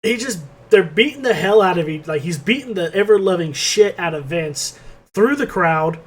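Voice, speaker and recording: High-voiced man rambling through a recap. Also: animated, moderate pace. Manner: rambling play-by-play, swears freely. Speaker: podcast co-host. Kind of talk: casual chat recapping a wrestling match.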